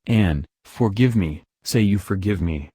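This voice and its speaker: A man reading the part of an impassioned young man who pleads slowly and urgently. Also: fairly low pitch, mellow, husky, no echo, clean studio sound.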